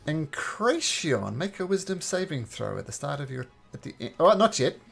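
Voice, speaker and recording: A man running a tabletop game as game master, relaxed and prone to restarts. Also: on the high side, normal speed, creaky, soft background music.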